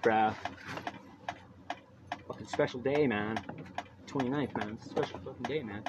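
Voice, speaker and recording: A man hosting a solo podcast from home, rambling loosely and swearing constantly. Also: mid-range voice. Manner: profane, rambling, loose and casual. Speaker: podcast host. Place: at home, by a baby monitor. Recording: dull lo-fi audio with noise.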